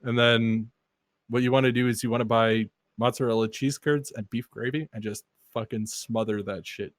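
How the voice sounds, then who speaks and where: A man's voice: medium pitch, steady tone, normal speed, dry recording, studio quality. Blunt casual Canadian man. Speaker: podcast co-host. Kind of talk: casual chat.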